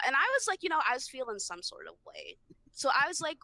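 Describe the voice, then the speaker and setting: A woman's voice: sits high, wildly swooping pitch, brisk, sharp tone, no room sound. A woman co-hosting a podcast in casual chat, blunt and indignant, swearing as she recounts a chat argument. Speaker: podcast co-host.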